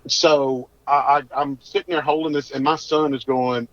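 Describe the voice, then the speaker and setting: A man's voice: mid-range voice, fairly even intonation, moderate pace, fairly bright tone, no echo. A man, a podcast guest telling a hunting story in a folksy, rambling drawl. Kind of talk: casual storytelling. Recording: dull dry lo-fi audio.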